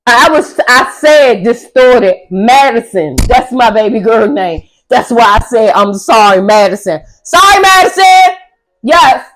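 A young woman talks through a casual tarot reading in a high voice, taking her time over each phrase. She is blunt, sassy and profane, and now and then she bursts out loud for emphasis. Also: poor audio. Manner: emphatic, often loud outbursts. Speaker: tarot reader.

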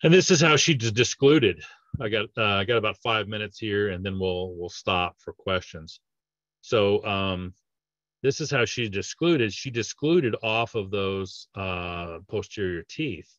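A dentist giving a training webinar discusses patient cases casually, with plenty of fillers and restarts. His lowish voice is animated and a bit bright, at a measured pace; the audio lacks echo but is muffled.

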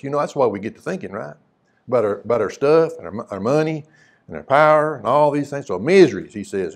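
A man's voice: medium pitch, lively intonation, brisk. Preacher guy, chatty sermon, lots of rhetorical questions, reads old scripture in between. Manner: reads scripture aloud in old-fashioned wording.

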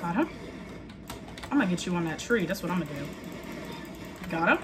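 A woman playing a shooter game and talking to herself as she goes. She is excitable, keeps repeating short phrases, and yelps and laughs at what happens on screen. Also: fairly low pitch, fairly quick, pauses often, heavy background noise. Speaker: gaming video host. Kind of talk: live gameplay commentary.

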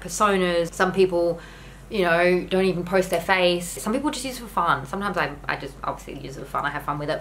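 A woman's voice: lowish voice, fairly bright tone, a little hiss or hum, poor audio. A young woman talking candidly to camera in a home vlog, earnest and rambling with lots of "like" fillers. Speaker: YouTuber.

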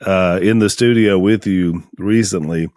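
Male host, low-pitched, easygoing. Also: unhurried, darkish tone, no echo, studio quality. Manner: easygoing, steering the conversation. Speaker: podcast host. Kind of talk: casual chat.

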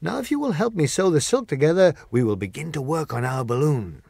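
A man's voice: a little high, big pitch swings, brisk, vocal fry, a little mellow, breathy edge, dry recording, clean studio sound, voice pushed up, exaggerated voice. A man voicing a humble, elderly male humbug wizard who speaks earnestly and turns proclaiming.

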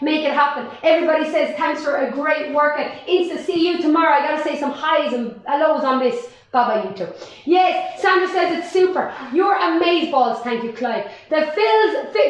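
A high, upbeat Irish woman leads a live home workout, cheering and counting down. Her voice rings around a very echoey room. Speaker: fitness instructor. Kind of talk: live-streamed workout class.

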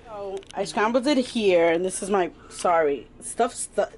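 A woman with a mid-range, darkish voice speaks a little slowly, with slight background noise. She's casually vlogging from her home kitchen, dealing with a swollen, painful ear and a sore throat. Her mouth barely opens as she talks, so she sounds a bit muffled.

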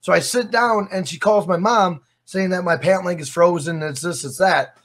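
This interview guest on a casual podcast speaks at a moderate pace, his voice pitched a little high for a man. His storytelling is lively, loaded with free swearing and phrases repeated for emphasis.

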